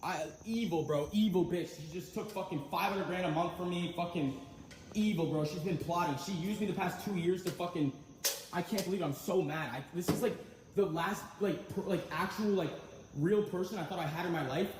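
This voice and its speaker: A man's voice: high-pitched, brisk. A man in a streamed clip, ranting furiously and swearing constantly. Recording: echoey room with faint background noise.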